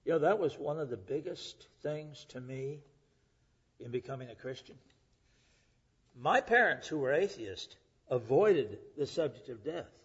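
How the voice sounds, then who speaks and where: A middle-aged male preacher delivering a sermon, rising to loud emphasis and dropping to hushed, whispered lines. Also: medium pitch, lively intonation, measured pace, husky. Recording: dull lo-fi recording.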